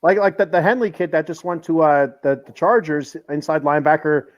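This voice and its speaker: A man's voice: fairly high pitch, steady tone, brisk, muffled recording. A man co-hosting a sports talk show, reading out player rankings and grades. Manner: reads out rankings and stats, chuckles often. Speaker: podcast co-host. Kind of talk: casual sports chat.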